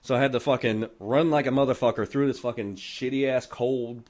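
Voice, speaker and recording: A man casually telling a story on a podcast, animated and full of cursing. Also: mid-range voice, a little fast. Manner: profane, animated, heavy cursing. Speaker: podcast host.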